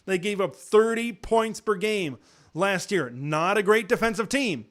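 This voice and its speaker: A man hosting a live college football talk show, chatting casually and excitably, with lots of fillers and sudden jumps up in pitch on rhetorical questions. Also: a little slow. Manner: conversational with frequent fillers and restarts. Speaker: sports talk host.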